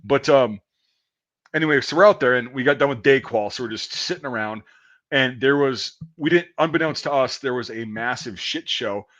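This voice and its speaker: A man's voice: medium pitch, moderate pace, fairly bright tone. A man in his thirties telling profane, rambling army stories in casual chat. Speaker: podcast host. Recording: dull lo-fi audio.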